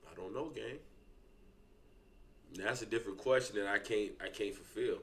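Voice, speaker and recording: A man's voice: lowish voice, normal speed, a bit bright. A young man giving loose, profane reaction commentary and talking straight to his viewers. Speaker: reaction streamer.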